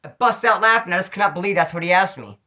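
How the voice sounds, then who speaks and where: Middle-aged guy, loose slangy storyteller, slightly tipsy, talks quick with a slightly raised pitch. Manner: rambling, slangy, animated storyteller. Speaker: vlogger telling prison stories. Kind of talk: casual storytelling to camera.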